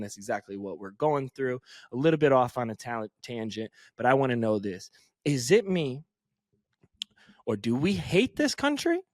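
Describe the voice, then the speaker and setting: A man's voice: mid-range voice, no room sound, studio quality. An American man co-hosting a podcast, ranting emphatically and swearing in opinionated casual chat. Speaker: podcast co-host. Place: podcast studio.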